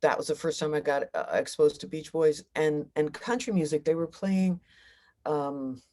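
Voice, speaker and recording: A woman's voice: low voice, moderate pace, darkish tone. A middle-aged woman, a singer-songwriter, talking reflectively in a casual interview.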